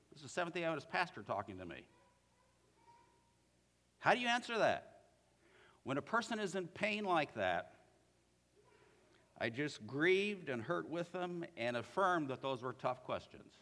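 Earnest preacher in an echoing church. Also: male voice, fairly high pitch, big pitch swings, normal speed, long pauses, pushed and bright. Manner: earnest, reads scripture aloud with feeling. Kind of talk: sermon.

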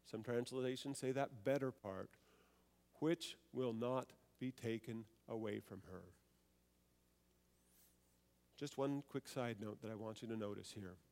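A man's voice: mid-range voice, a little slow, pauses often, a little mellow, long reverb tail. A man preaching a sermon, reading scripture aloud, then explaining it and putting rhetorical questions to his listeners.

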